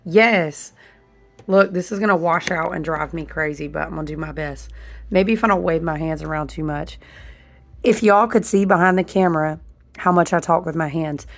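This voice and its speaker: A chatty woman talking straight to her viewers in a low, gravelly voice. She is hoarse, her voice still on the mend, with a husky, smoky edge. Her delivery is animated and informal, full of asides to her audience. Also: normal speed, faint music behind. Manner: chatty, animated, says "y'all" and "listen" often. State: hoarse, voice recovering. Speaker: candle and ritual tool maker. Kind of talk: casual chat to camera.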